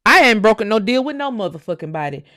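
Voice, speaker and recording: A woman, from the United States, holding forth on her live show. She drives points home with profanity and repeated phrases, in a mid-pitched voice recorded dry and close. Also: very animated, quick pace, sharp tone, no echo. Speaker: host. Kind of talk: heated live-stream rant.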